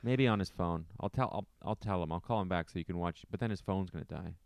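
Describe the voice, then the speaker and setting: Deep, smooth-voiced man in casual chat. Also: quick pace, darkish tone, no room sound. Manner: self-deprecating, repeats himself emphatically.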